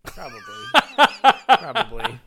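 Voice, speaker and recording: A podcast co-host in casual chat, tossing off quick jokes and banter. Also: medium pitch, huge pitch swings, pushed and bright. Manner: joking banter, quick one-liners.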